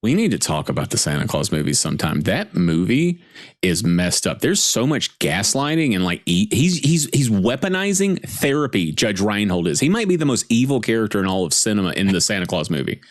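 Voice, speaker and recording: A man hosting a casual movie watch-along podcast, chatting in a jokey, animated way. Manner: animated, jokey, quick pitch jumps. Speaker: podcast host.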